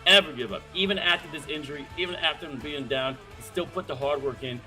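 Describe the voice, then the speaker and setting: A man hosting a live-streamed talk show, hyped and slangy, full of shout-outs, with faint music behind him. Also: a little high, fast talker. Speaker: host.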